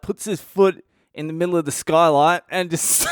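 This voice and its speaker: An Australian man in his thirties, a comedian telling wild personal stories in a profane, animated way. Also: on the high side, a little slow, clear, resonant tone, dry recording, studio quality. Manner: profane, animated, breaks into laughter. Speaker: comedian podcast host. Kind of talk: comic personal storytelling.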